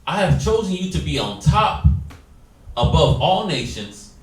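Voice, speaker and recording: A man's voice: a little high, very animated, a little slow. A man teaching a Bible study class, exhorting his listeners and acting out quoted dialogue. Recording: echoey room, distant mic, faint noise.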